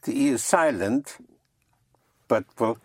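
A man's voice: medium pitch, expressive, takes it slowly, slightly rough, no echo. A man teaching a class in a patient manner, repeating and spelling out words for his learners. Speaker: French teacher.

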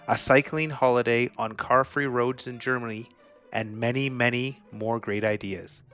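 A man's voice: mid-range voice, fairly bright tone. A man hosting a podcast, reading the intro and a sponsor message in an upbeat promotional way. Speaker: podcast host.

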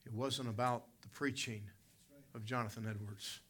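A man preaching a sermon as pastor, emphatic, surging to loud peaks and then dropping low. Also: fairly even intonation, moderate pace, slightly rough. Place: church service with congregation responding.

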